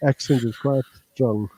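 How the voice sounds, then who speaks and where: A male guest in a casual chat, telling stories with warmth and chuckles. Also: medium pitch, fairly even intonation, slow pace, over a noisy crowd.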